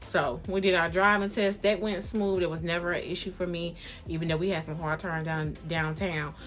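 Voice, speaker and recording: A woman vlogger telling a casual story, acting out the people in it with big jumps in pitch. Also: normal speed, soft background music. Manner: animated, acts out quotes with big jumps in pitch.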